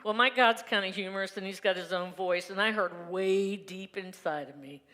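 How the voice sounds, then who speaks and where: A woman's voice: medium pitch, moderate pace, a bit bright. A woman minister giving a candid, conversational Sunday sermon from her own life, laughing often. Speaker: reverend giving a Sunday message. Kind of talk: personal testimony sermon. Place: church sanctuary. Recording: reverberant sanctuary hall.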